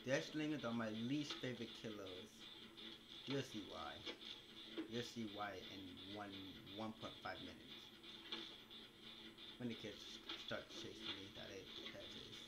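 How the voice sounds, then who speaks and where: A young man giving casual gameplay commentary, talking to himself with animated, incredulous outbursts. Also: lowish voice, unhurried, pauses often, heavy background noise. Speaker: gaming video creator. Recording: loud game sound underneath.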